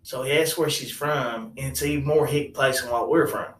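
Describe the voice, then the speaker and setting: A man's voice: mid-range voice, moderate pace, a bit bright, reverberant, distant mic, poor audio. A man telling a comic personal story in a rambling, wry way with many asides.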